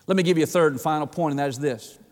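A middle-aged male pastor with a notably high voice preaches in a folksy, emphatic style. He repeats his key phrases and appeals straight to his listeners. His voice rings with the long reverb of a large church hall. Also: racing, darkish tone. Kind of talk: sermon.

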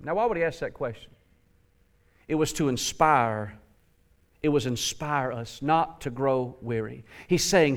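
A man's voice: on the high side, animated, moderate pace. A man preaching a sermon, impassioned and speaking directly to his congregation.

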